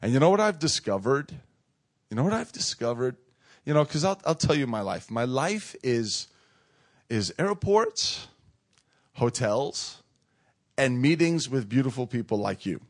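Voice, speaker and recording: A man's voice: mid-range voice, sing-song, unhurried, pauses often. A man preaching a sermon, emphatic and repeating phrases for effect, calling on the congregation to respond. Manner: calls on the crowd to respond.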